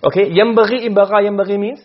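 A man's voice: sits high, fairly even intonation, very fast, soft background music. A man teaching a lesson in Arabic rhetoric, explaining step by step and often checking that his students follow. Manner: acts out short quoted exchanges. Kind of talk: classroom lecture. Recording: dull lo-fi classroom recording.

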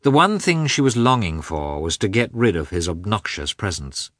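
A man narrating a classic novel as an audiobook, reading steadily and evenly in a measured way. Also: lowish voice, very animated, fairly bright tone, dry recording, studio quality.

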